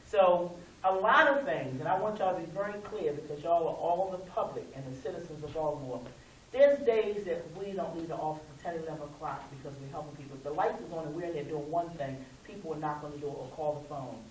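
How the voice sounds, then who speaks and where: A woman's voice: low voice, quick pace. A middle-aged woman, a local civil rights chapter president, telling stories in a conversational, folksy way at a community meeting and acting out quoted dialogue. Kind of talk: storytelling talk at a community meeting. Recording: echoey room, speaker far from the mic, faint hiss.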